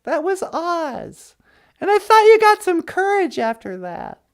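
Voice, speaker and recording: A man voicing a cheery, brisk female talk-show host on a puppet comedy podcast. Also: extremely high pitch, huge pitch swings, gravelly, pitched above the performer's own voice, exaggerated voice. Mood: chirpy. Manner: cheery and brisk, gives advice.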